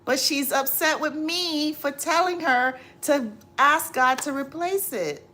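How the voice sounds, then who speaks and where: A woman's voice: high voice, takes it slowly, pushed and bright. A woman hosting a livestream, chatting casually to viewers, exasperated and preachy, repeating herself. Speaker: livestream host. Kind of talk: casual live chat, advice to viewers.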